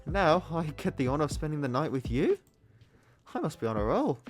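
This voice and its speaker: Man putting on a cheesy young date with a shaky British accent, raised pitch, teasing game character. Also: sing-song, a little fast, soft background music. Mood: cocky. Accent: attempted British. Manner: playful, cheesy, confident. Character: teasing cocky young male college date.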